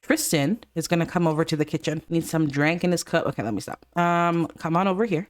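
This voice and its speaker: A woman narrating her life-sim game in a chatty, casual way. She giggles often and gets excited about scenes as she directs her characters. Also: sits low, a little fast, hardly any pauses. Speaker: let's play host. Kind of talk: casual gameplay commentary.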